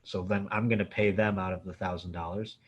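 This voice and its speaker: A Buffalo, New York comedian, appearing as a guest at a Q&A, tells a story in a loose, animated style, cursing a lot and leaning on "like." His voice is male and low, a bit quick, and the recording sounds muffled.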